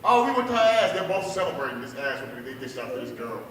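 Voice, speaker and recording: Animated man doing stand-up in an echoey bar. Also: medium pitch, fast. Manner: animated, acts out family members' voices. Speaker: stand-up comedian at open mic. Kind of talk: stand-up storytelling. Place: bar with live audience. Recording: echoey bar room, mic heard from a distance. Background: audience laughter.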